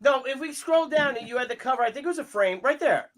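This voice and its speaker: A man hosting a comics livestream over a video call, prompting his guest with quick questions. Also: extremely high pitch, expressive. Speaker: livestream host. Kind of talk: casual chat on a livestream.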